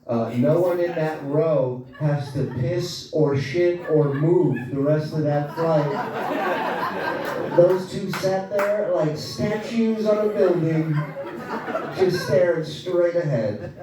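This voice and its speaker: A man telling a profane, sarcastic story on stage at a comedy club, his voice sitting a little high. He is heard from across the room, with the sound bouncing around heavily. Audience laughter rolls underneath him. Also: slow. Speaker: stand-up comedian. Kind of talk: stand-up comedy set. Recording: echoey club room, crowd noise, from far off.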